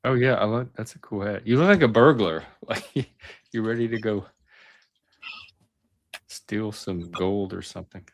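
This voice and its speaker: A man's voice: fairly low pitch, measured pace, long pauses, a little hiss or hum. A man chatting on a group video call in a joking way. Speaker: panel guest. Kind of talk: casual group video chat.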